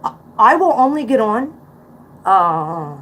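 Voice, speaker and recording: On a casual livestream, a forties-aged woman with a Central Pennsylvania accent reacts to music, blunt and outspoken, with preachy asides. She takes it slowly, her voice on the high side, very animated and fairly bright.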